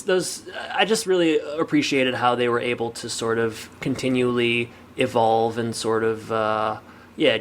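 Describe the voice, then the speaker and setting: A man's voice: mid-range voice, fairly bright tone, slight background noise. A man co-hosting a podcast in casual chat, rambling with lots of filler words. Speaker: podcast co-host.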